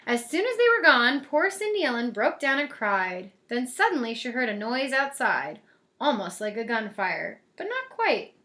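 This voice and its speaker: A woman reading a picture book aloud in a lively, expressive way. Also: a little high, normal speed. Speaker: storyteller. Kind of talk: storybook read-aloud.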